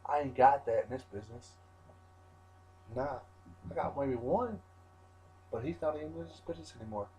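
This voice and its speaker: A man's voice: medium pitch, lively intonation, normal speed, long pauses, warm tone, rough recording. A wrestler in a rambling, defiant interview rant, swearing constantly and restarting his sentences.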